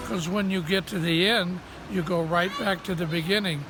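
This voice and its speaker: A man casually explaining a reading custom, halting with many fillers. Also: high voice, steady tone, music in the background, low-quality recording.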